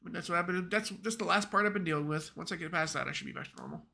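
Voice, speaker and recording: A man's voice: sits high, very fast, vocal fry, bright, forceful tone. A man streaming a video game live, chatting offhand with a congested, nasal voice. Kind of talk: casual live gameplay commentary.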